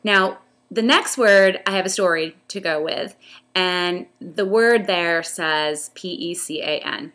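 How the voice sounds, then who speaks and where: Bright-voiced woman with Western New York accent. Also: on the low side, slow pace. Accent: Western New York with some Southern New Orleans influence. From upstate New York. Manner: chatty, rambling with frequent ums. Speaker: vlogger. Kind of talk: casual accent tag video.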